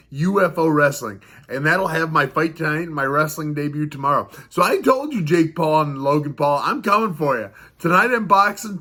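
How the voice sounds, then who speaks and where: A man with a bright, forward voice that has a husky edge, pitched a little high. He tells his story casually and rambles, repeating words and chuckling between thoughts. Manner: rambling, laughs often, repeats himself. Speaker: fighter vlogger. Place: on the road for a fight in the northeastern US.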